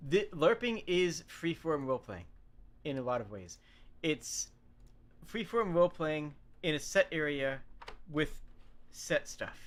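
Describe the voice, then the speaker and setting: A man's voice: on the high side, fairly bright tone. A man hosting a casual livestream, explaining games in a chatty way, often correcting himself mid-sentence and adding asides. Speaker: streamer host.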